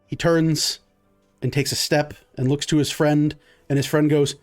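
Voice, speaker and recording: A man's voice: on the high side, flat delivery, a little slow, faint music behind. Man narrating as dungeon master. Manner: vivid, descriptive narration with fillers. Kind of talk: narrating a tabletop game.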